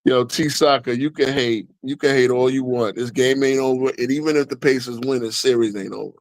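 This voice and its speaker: A man hosting a casual sports watch-along, excitable and swearing as he reacts to plays. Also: medium pitch, brisk, dry recording, low-quality recording. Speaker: livestream host.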